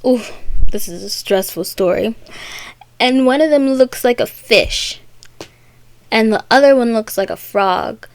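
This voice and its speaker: A woman casually retelling a classic story in a chatty, rambling way, popping into quick character voices. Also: a little high, no room sound.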